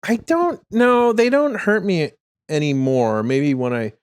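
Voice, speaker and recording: A man from rural Wisconsin with a northern Wisconsin accent, a guest comedian chatting casually on a podcast in a halting way. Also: high-pitched, clear, resonant tone, dry recording, studio quality. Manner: halting, full of fillers and restarts.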